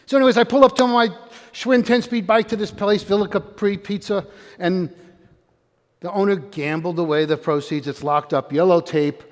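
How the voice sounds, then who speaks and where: An older man with a fairly high voice delivers a lively motivational talk, firing questions at his audience and urging them to join in. His voice rings with a long hall reverb, as if in a large room. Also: normal speed. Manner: energetic, quizzes and calls out to the audience. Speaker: motivational speaker.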